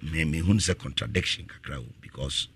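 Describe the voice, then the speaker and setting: A man preaching with a bright, forceful and slightly husky voice. His pitch leaps widely as he echoes scripture and pushes his appeals to a shout. The sound is dry and close. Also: lively intonation, quick pace. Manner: repeats each scripture line after the reader, rising to shouted appeals. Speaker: radio preacher. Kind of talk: call-and-response Bible preaching.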